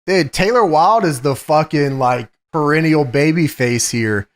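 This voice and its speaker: A man's voice: on the high side, unhurried. A man co-hosting a wrestling podcast in casual chat, throwing in blunt, profane jokes. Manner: profane, joking asides, blunt. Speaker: podcast co-host.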